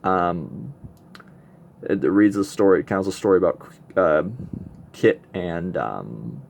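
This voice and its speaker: A man's voice: deep voice, lively intonation, takes it slowly, vocal fry, a little mellow, slight background noise. A man casually reviewing a comic book, rambling with many fillers and restarts as he reads through it aloud.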